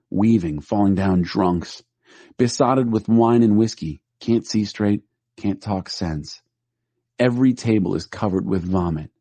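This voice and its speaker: A man with a low, dark voice reads scripture aloud in a steady, measured way. The recording is dry and close, with no room sound. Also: dry recording.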